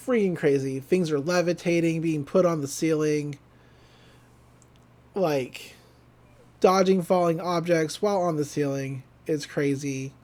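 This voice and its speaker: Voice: medium pitch, a little mellow. A podcast co-host in a casual recap who rambles, laughs often and acts out the lines.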